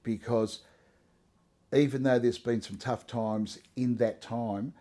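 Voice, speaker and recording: Earnest man, mellow voice. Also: mid-range voice, fairly even intonation, slow pace. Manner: earnest, conversational, frequent restarts and "you know". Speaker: interviewee sharing his testimony. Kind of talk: casual interview.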